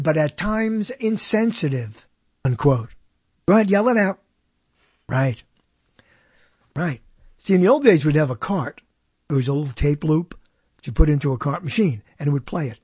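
Male host, husky voice, dry close sound, loose jokey delivery with frequent self-corrections. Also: on the high side, darkish tone, no room sound. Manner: jokey and rambling, corrects himself often. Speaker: host counting down badly reviewed movies. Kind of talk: casual solo commentary.

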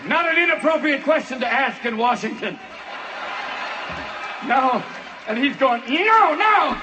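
A man's voice: very high voice, animated, unhurried. A man doing a crude, brash stand-up comedy set, working the crowd on a live stage. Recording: noisy live room with crowd.

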